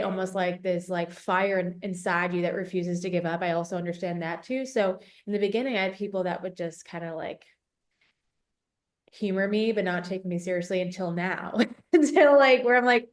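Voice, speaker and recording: A woman's voice: medium pitch, fairly even intonation, brisk. A woman hosting a podcast, asking reflective, empathetic interview questions. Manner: reflective, empathetic, uses fillers like "like". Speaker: podcast host.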